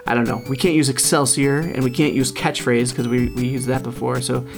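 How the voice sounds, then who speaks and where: A male podcast host wrapping up a casual episode, talking haltingly with many fillers. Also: mid-range voice, level tone, gravelly, music in the background. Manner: halting, filler-heavy, friendly wrap-up.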